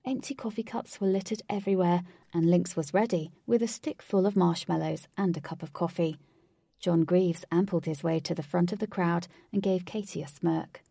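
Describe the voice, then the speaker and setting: A woman narrating a story in a measured, soft-spoken way. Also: lowish voice, vocal fry, slightly rough, dry recording, studio quality.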